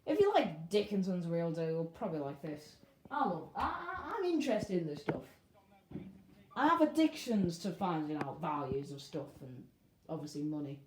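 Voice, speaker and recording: A young woman chats cheekily to her camera in a living room, her voice sitting a touch low. She rambles with plenty of ums and asides. The home recording is noisy, with clicks behind her voice. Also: big pitch swings, normal speed. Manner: chatty, rambling, cheeky, many fillers. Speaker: channel host. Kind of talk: casual live commentary. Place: indoor living room by a window. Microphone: handheld camera.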